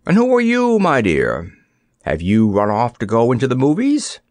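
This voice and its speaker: A man voicing a gentle, naive stuffed dummy king in a storybook reading, quaint and mild. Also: medium pitch, wildly swooping pitch, moderate pace, dry recording, studio quality. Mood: musing.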